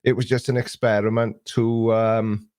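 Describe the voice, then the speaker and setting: This livestream host has a lowish, slightly mellow voice with little pitch movement, speaking at a moderate pace into a desk mic in a dry recording. It's early morning, and he chats casually, greeting viewers by name and wandering through their comments.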